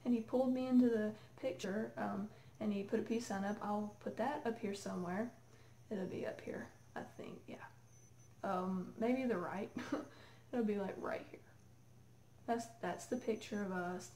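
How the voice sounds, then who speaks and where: Excitable woman vlogger, echoey room. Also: mid-range voice, measured pace, slight background noise. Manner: excited, rambling, full of "like" and "oh my God". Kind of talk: casual storytelling to camera.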